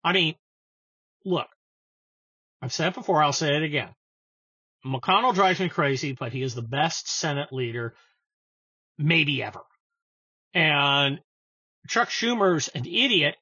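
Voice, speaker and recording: A man's voice: a little high, expressive, unhurried, long pauses, pushed and bright, slightly rough, no echo, highs cut off. A man giving sarcastic, scornful political commentary on his show, often stumbling and restarting his sentences. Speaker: political podcast host.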